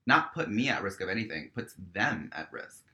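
Guy with a low but bright, tense voice, swearing a lot, says like constantly, casual podcast story. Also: moderate pace. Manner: profane, peppered with "like"; animated storyteller acting out dialogue. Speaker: guest, stage performer.

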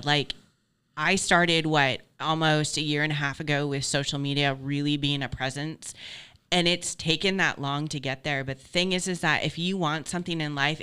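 A woman's voice: low voice, bright, forceful tone, clear, resonant tone. A woman guesting on a podcast, blunt and profane, talking about hard work and going after goals. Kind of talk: casual interview chat.

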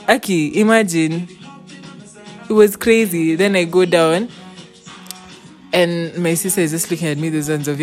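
A woman's voice: on the low side, normal speed, pauses often, soft background music. A young woman, telling a story in casual chat and acting out the quotes in it. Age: young adult. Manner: animated, acts out quotes.

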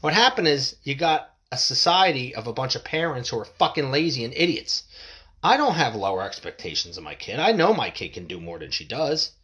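A man's voice: medium pitch, sing-song, fairly quick, fairly bright tone. A middle-aged man hosting a podcast alone, ranting bluntly and profanely, rambling and restarting his sentences. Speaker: podcast host. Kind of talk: casual solo podcast rant.

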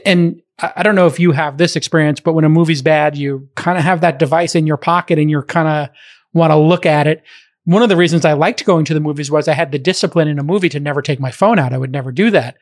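A man's voice: fairly high pitch, dry recording, studio quality. A man in his fifties interviewing a guest, asking long, rambling, thoughtful questions. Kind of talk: conversational interview.

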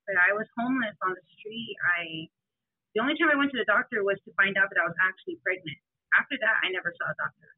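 Brief: woman, emotional halting testimony, husky voice, thin phone-quality sound. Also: medium pitch, dry recording. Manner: emotional, halting, many restarts. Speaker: interviewee. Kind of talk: personal testimony. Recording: tinny phone-like line, dry.

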